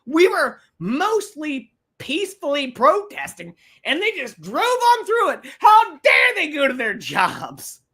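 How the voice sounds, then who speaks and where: A woman putting on a self-righteous protester voice, chanting and shouting in a sing-song way. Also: sits high, huge pitch swings, takes it slowly, hardly any pauses, heavily acted. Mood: whiny mocking.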